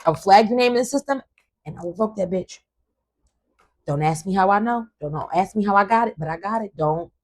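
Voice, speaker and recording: A woman hosting a casual commentary vlog, ranting in an emphatic, profane and animated way. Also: mid-range voice, fairly quick, poor audio. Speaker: host.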